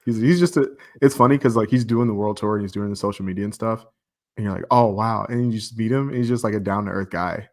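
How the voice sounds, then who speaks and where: Laid-back man in his thirties, low voice. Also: fast talker. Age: 30s. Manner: laughs often, animated storytelling with lots of "like". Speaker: podcast guest. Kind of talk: casual chat.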